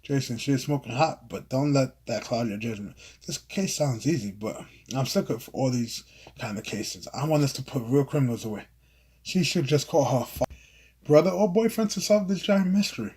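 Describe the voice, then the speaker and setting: A man reading the lines of an irritated, skeptical male detective partner in his own husky voice, sounding exasperated. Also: mid-range voice, moderate pace, darkish tone, natural voice. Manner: exasperated, grumbling.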